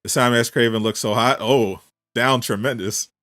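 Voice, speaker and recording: A man chatting casually as a streamer on a live reaction stream, animated and incredulous, firing off rhetorical questions. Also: mid-range voice, normal speed, no echo, clean studio sound.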